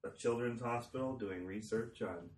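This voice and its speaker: A man's voice: medium pitch, normal speed, reverberant, distant mic. A man comedian from Chicago, telling self-deprecating stories in casual chat with frequent laughs. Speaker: comedian guest.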